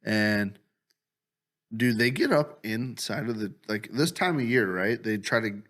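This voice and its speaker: A man's voice: fairly low pitch, animated, a little slow, a bit bright. Profane, laughing man telling stories. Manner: profane, laughing storyteller who acts out his own lines. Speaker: podcast co-host. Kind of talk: casual comedy podcast chat. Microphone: studio podcast mic.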